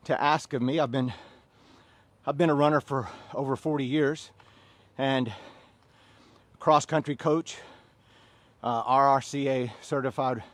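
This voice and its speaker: A man in his fifties leading a workout class, chatting and joking between sets and counting reps in loud bursts. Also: mid-range voice, no room sound. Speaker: fitness instructor.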